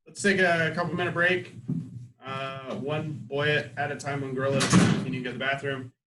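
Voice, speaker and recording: A man teaching a literature class in a classroom, lively and full of rhetorical questions, often asking "right?". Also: mid-range voice, a little fast, heavy background noise. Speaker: high school literature teacher.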